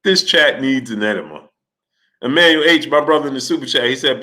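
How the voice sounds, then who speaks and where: This man's mid-range voice is fairly quick, bright, and forceful as he hosts a laid-back livestream. Going through viewer comments, he uses slangy phrasing and addresses people as "brother."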